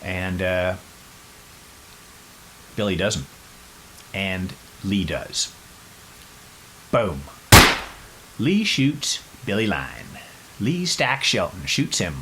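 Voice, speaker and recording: Low-voiced male podcast host, chatty storyteller with wry jokes. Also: drawn-out words, long pauses, background noise. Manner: animated, chatty, wry asides. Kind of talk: casual storytelling.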